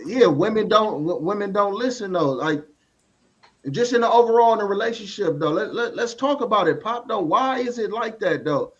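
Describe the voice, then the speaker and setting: Man, high voice, slangy, casual podcast chat, muffled lo-fi sound. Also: lively intonation, moderate pace. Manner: loose, slangy, repeats "though". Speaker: podcast co-host.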